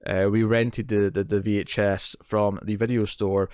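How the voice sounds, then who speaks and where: A man's voice: on the low side, little pitch movement, moderate pace, a little mellow, clean tone, dry recording, studio quality. Rambling man in his thirties. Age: 30s. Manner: rambling, self-deprecating, joking. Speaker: co-host. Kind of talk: casual film discussion.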